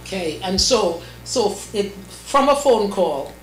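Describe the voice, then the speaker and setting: A woman hosting a studio interview, talking in a measured way with many pauses and fillers. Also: mid-range voice, lively intonation, a little hiss or hum. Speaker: talk show host. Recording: echoey studio.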